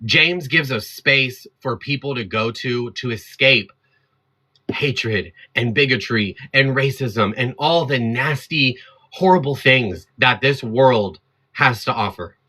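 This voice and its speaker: A man's voice: mid-range voice, slow pace, sharp tone. A man hosting his own livestream, talking straight at his chat in a heated, defiant rant. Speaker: livestream host.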